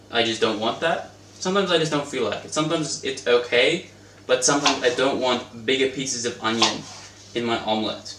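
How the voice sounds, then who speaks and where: A young man rambling and joking as he cooks in his home kitchen, chatting to his pet bird as he goes. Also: mid-range voice. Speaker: cooking vlogger. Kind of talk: casual cooking vlog. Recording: roomy echo, distant mic, faint noise.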